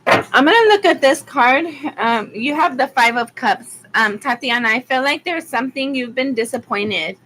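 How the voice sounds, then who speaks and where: A woman's voice: high-pitched, animated, normal speed, fairly bright tone, slight background noise, rough recording. A woman from Arizona giving a rambling, chatty live-stream tarot reading, with frequent ums. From Arizona, USA. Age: adult with school-age kids. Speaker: tarot reader.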